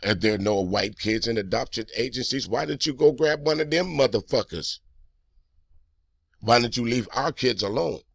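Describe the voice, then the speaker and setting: A man's voice: mid-range voice, lively intonation, moderate pace, vocal fry, breathy edge, dry recording. A man hosting a reaction video, delivering heated, profane, accusing commentary straight at the person in a clip.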